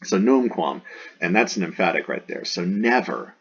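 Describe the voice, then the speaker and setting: A man's voice: sits low, expressive, moderate pace, fairly bright tone, slightly rough. A man lecturing through a Latin text line by line, explaining words in a conversational way with frequent fillers and restarts. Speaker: Latin teacher. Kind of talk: line-by-line classroom translation lecture. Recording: dull lo-fi audio.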